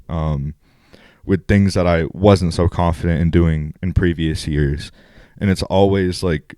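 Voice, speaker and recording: A young man co-hosting a casual podcast, speaking earnestly and a little haltingly. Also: sits low, a little mellow, clean tone, no room sound, studio quality. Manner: earnest, heartfelt, a bit halting. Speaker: podcast co-host. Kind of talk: casual chat.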